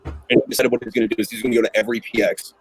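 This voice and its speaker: A man's voice: medium pitch, little pitch movement, racing, breathy edge, poor audio. A man in casual podcast chat, telling profane, laughing military anecdotes. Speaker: podcast guest.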